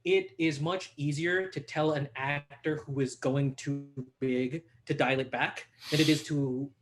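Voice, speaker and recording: Animated young man, raised pitch. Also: unhurried, slight background noise. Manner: animated, laughing, acts out quotes. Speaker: podcast guest, hip hop artist. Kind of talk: casual conversation.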